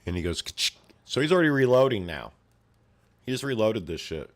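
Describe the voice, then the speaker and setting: A man's voice: lowish voice, sing-song, a little fast. A man casually retelling a violent comic story, swearing freely and filling it with sound effects. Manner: profane, full of sound effects.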